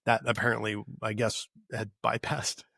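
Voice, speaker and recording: A man's voice: lowish voice, moderate pace, creaky, dry recording. Man telling a story, dry close sound. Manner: storytelling, animated retelling with frequent fillers and restarts. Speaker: podcast co-host. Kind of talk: casual chat.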